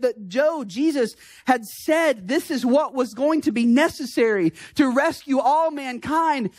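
Woman pastor, high voice, slow and deliberate sermon delivery, impassioned, with shouted emphasis. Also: dry recording. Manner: impassioned, building to shouted emphasis with rhetorical questions.

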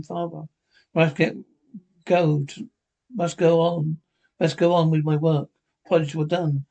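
Male amateur reader, higher-pitched, rough gravelly voice; halting delivery with restarts. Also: a little mellow. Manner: halting, stumbles and restarts words. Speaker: narrator reading all parts. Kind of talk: amateur reading of a TV episode script.

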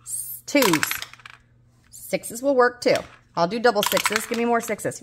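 In her 30s, a budgeting vlogger chats casually with her viewers as she rolls dice, alternately coaxing and scolding them. Her voice sits fairly high, her pace is measured with long pauses, and she sounds a little unwell and tired against a noisy background.

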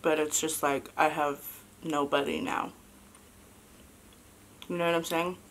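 A woman in her thirties chatting casually as a vlogger and mother, halting and soft with many fillers, fighting back tears. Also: low voice, little pitch movement, a little hiss or hum. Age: 30s. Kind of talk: casual confessional chat.

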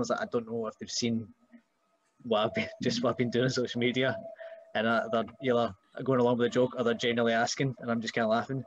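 A man's voice: medium pitch, little pitch movement, fast talker, muffled recording. A young Scottish man, a wrestler, chatting casually on a podcast and joking about people he meets. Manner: joking, does mocking voices of relatives. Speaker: wrestler guest.

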